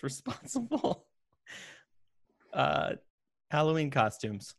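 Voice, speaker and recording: A man's voice: mid-range voice, lively intonation, measured pace, fairly bright tone, dry recording. A man co-hosting a podcast, chatting casually and laughing often as he reviews a product. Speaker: podcast co-host.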